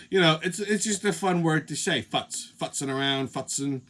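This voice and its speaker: A man's voice: fairly high pitch, moderate pace, a bit bright, slight background noise. A man hosting a comedic monologue show, profane and laughing at his own jokes. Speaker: host.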